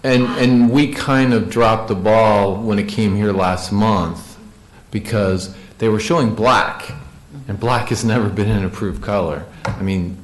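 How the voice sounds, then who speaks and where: A man with a fairly low voice, speaking in a county meeting room with a roomy echo. He answers questions haltingly and often restarts his words. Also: steady tone. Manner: hesitant, repeats words. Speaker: county staff member presenting. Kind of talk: meeting discussion.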